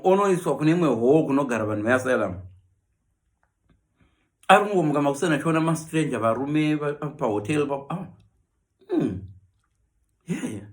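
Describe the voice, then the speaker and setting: A man with a Zimbabwean accent doing a comic monologue, switching between Shona and English and acting out the people he talks about. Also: a little high. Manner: animated, mixes Shona with English, acts out quoted voices. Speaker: comedian.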